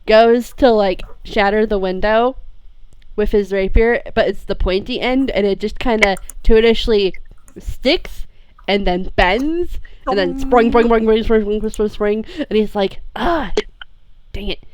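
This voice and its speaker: A woman's voice: medium pitch, unhurried, smooth, no room sound, dull audio. A woman playing a tabletop game, describing her character's actions with giggles. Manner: giggly, animated. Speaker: player.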